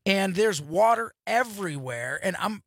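A man's voice: high-pitched, expressive, a little slow, no echo. A male radio host in a studio, chatting enthusiastically and rambling through stories. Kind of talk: casual radio chat.

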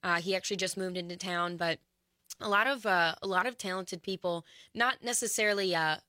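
A woman's voice: on the low side, fairly quick, bright, forceful tone, dry recording, studio quality. A woman musician talking in an interview, thoughtful and hesitant, with many fillers. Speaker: musician guest. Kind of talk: casual interview chat.

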